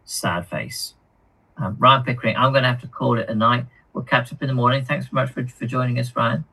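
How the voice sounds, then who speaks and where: A man co-hosting a hobby live stream, reading viewer comments aloud in a halting, chatty way with lots of ums and repeated words. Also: mid-range voice, steady tone, creaky, sharp tone, breathy edge, poor audio. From United Kingdom.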